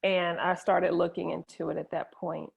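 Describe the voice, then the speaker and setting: A middle-aged woman speaks openly as an interview guest, her voice gravelly with fry. She tells her own story with feeling, often stopping and restarting. The audio is dull and lo-fi. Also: on the low side, little pitch movement, normal speed. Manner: emotional, personal storytelling with frequent restarts. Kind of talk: candid conversational interview.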